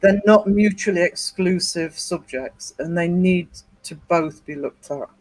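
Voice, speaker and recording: A man's voice: sits high, measured pace, dry recording, poor audio. A man hosting a livestream, chatting casually with viewers and rambling with many fillers and restarts. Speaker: livestream host. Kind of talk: casual live chat with viewers.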